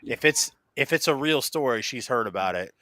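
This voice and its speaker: A man hosting a casual podcast chat, who swears freely and tells stories in an animated, laughing way. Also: medium pitch, brisk, no echo. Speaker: podcast host.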